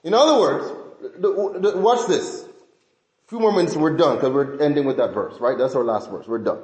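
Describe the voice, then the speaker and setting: A man preaching a sermon as pastor, emphatic and animated, often restarting phrases. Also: on the high side, normal speed, reverberant, low-quality recording.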